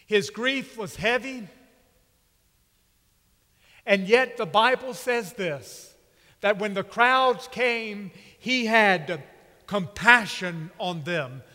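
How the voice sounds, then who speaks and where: A man preaching a sermon with slow, emphatic delivery and dramatic pauses. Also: high voice, animated, sharp tone. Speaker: pastor. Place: church sanctuary. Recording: long reverb of a church hall.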